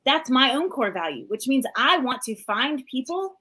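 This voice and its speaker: A woman in her forties hosting a live motivational talk show, energetic and chatty, full of "like" and "you know". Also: high voice, normal speed, slightly rough, rough recording. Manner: energetic, chatty, many fillers. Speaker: host and coach.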